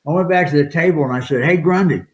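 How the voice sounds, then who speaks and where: A man's voice: fairly high pitch, rapid-fire. Older male storyteller, rambling and chuckling; echoey room, muffled lo-fi mic. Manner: rambling, laughing anecdotes. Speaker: retired wrestler guest. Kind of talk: casual storytelling interview. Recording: roomy, dull lo-fi sound.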